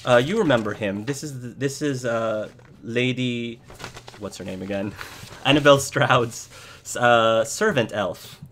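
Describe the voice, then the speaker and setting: A man's voice: mid-range voice, a little slow, fairly bright tone, a little hiss or hum. A man voicing a tired, patient middle-aged farmer who humors his son and fumbles his words. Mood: flustered.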